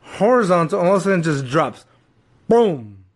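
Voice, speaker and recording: A man in a casual chat, telling a story in an excitable way, with frequent restarts and laughs. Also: high-pitched, normal speed. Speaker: podcast co-host.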